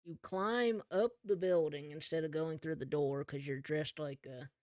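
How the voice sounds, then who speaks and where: Game master, mid pitch, easygoing second-person narration, dry close recording. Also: moderate pace, a little mellow, dry recording. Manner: easygoing storyteller, describing the action in the second person.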